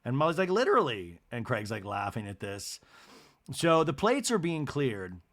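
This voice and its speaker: A man hosting a podcast, recapping a reality TV episode solo with an animated, storytelling delivery. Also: mid-range voice, moderate pace. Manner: animated retelling, acting out cast members' lines in put-on voices. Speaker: podcast host.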